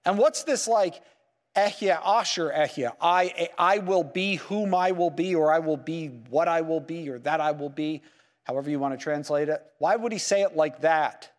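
A man teaching a Bible class, lively and full of rhetorical questions, checking in with "okay?" and "right?" as he goes. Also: fairly high pitch, normal speed, long reverb tail. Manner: peppers sentences with "okay?" and "right?". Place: lecture room with slides.

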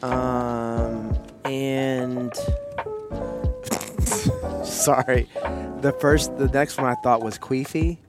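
A man's voice: medium pitch, steady tone, drawn-out words, long pauses, loud music behind the voice. Playful joking man hosting a podcast. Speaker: podcast host. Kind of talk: casual chat.

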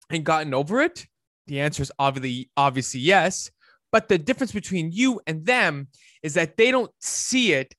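A man, a fitness coach, giving an emphatic, preachy motivational talk that swings between loud and hushed. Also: fairly high pitch, no room sound, studio quality.

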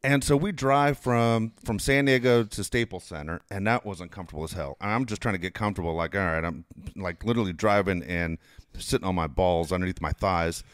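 A man's voice: deep voice, fairly quick, no echo. Profane man telling a wild story. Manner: profane, animated storyteller, laughs often. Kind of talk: casual storytelling chat.

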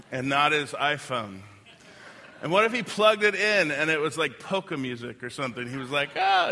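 Bright-voiced preaching man in a hall. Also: a little high. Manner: conversational and joking, with many "like" fillers. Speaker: pastor. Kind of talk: sermon. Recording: long hall reverb.

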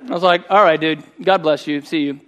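A middle-aged man preaching a sermon, telling a personal story in a conversational, animated way. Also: on the high side, brisk. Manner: conversational and animated, voicing quoted speech. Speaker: pastor.

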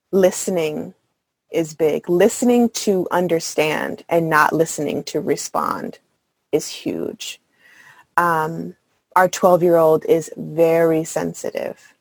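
A woman's voice: low-pitched, gravelly, slightly rough, no room sound. A woman in her thirties, a mother, speaking earnestly and candidly as a podcast guest in casual conversation. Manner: earnest, candid, many fillers and soft laughs.

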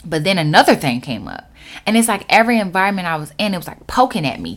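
Sassy animated woman telling her story as a speaker, voice jumps all over. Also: on the low side, quick pace. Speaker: motivational speaker. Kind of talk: personal storytelling talk.

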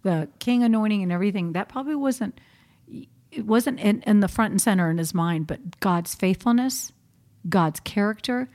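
Woman, co-host, lively, chatty, Bible storytelling, casual. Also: medium pitch, normal speed. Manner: lively, chatty retelling with acted quotes. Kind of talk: casual Bible teaching chat.

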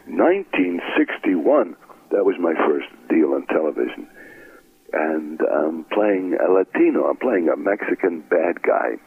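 Older man with a gravelly low voice. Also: sing-song, a little slow, no room sound. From Brooklyn. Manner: anecdotal, acts out quoted voices. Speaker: interview guest, actor. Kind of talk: storytelling interview. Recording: tinny phone-like line.

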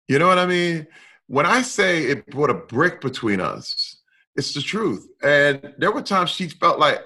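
A middle-aged man speaking candidly and with emphasis, his voice bright and forceful. He sits a little high in pitch and swings from loud bursts to quiet stretches. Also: a little slow. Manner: emphatic, expressive, swings between loud and soft. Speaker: guest. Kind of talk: candid conversation.

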